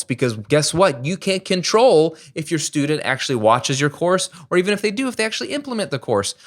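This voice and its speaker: A man's voice: on the high side, fairly bright tone. A man teaching online business to camera in a casual, emphatic way, peppering his points with rhetorical questions and self-deprecating asides.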